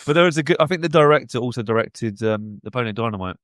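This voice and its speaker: A British man co-hosts a podcast, talking quickly and chatting casually while he offers bits of trivia. The sound is close and dry. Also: mid-range voice, animated, fairly bright tone, no room sound. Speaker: podcast co-host. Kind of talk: casual chat.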